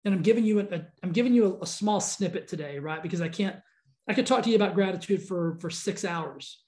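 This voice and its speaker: A man's voice: high voice, fast, darkish tone. A man hosting a podcast, speaking in an earnest, fervent motivational monologue with frequent restarts and repetition. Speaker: podcast host.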